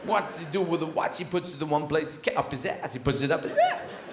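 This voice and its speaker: A man doing a deliberately bad impression of an offbeat actor reciting Shakespeare in halting, rambling bits. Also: a little high, background noise, natural voice. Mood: deadpan. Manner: halting, odd pauses, rambling. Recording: echoey theatre with loud audience laughter.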